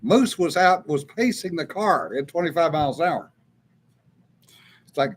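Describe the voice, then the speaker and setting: A man's voice: fairly high pitch, expressive, moderate pace, pauses often, slightly rough. Man telling a story casually. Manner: storytelling, drawling, laughs often. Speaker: co-host. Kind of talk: casual chat, reading live comments.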